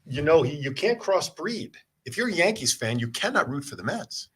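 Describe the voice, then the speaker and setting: A man's voice: fairly high pitch, sing-song, normal speed, slightly rough. A man hosting a talk show who jokes around with his guest and reads news items aloud. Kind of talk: casual interview chat.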